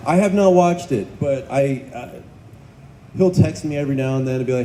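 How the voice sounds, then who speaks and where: Dark-voiced actor in an echoey hall. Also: male voice, mid-range voice, normal speed. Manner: animated, acts out quoted voices, stammers restarts. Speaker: actor on a convention panel. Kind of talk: casual panel storytelling. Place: convention hall panel stage. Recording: echoey convention hall, faint noise.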